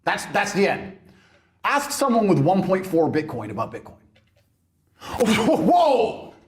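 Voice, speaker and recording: A man's voice: on the high side, big pitch swings, moderate pace, background noise. A man in a brash, mocking monologue, swearing often. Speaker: internet personality. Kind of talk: ranting monologue.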